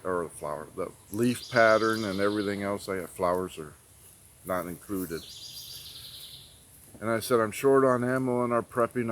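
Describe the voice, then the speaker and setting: A man's voice: lowish voice, a bit bright, slight background noise. Folksy middle-aged man telling a story. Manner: folksy, rambling, repeats "I said". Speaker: prepping channel host. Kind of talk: casual storytelling.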